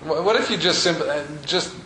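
A man's voice: fairly high pitch, lively intonation, brisk, bright, forceful tone, slight background noise. Guy teaching a meditation class, chatty and loose, voice bounces around a lot, roomy studio sound. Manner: casual, conversational, with many fillers. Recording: echoey room, faint ambience.

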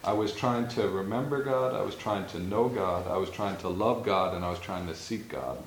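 A man's voice: deep voice, normal speed. Man, spiritual teacher, reflective storytelling, roomy echo, faint background hum. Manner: reflective, storytelling, laughs often. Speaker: meditation or yoga teacher. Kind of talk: informal spiritual talk. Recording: echoey room with faint ambience.

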